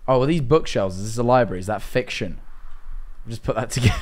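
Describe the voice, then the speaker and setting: Young British male streamer, mid-pitched, animated intonation, casual wry banter. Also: fairly quick. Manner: chatty, wry, jokingly defensive. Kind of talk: casual live-stream gaming commentary.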